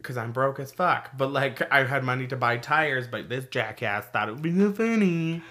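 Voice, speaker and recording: Bright-voiced man telling a story. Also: mid-range voice, normal speed. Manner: profane, animated storytelling. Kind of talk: casual chat among friends.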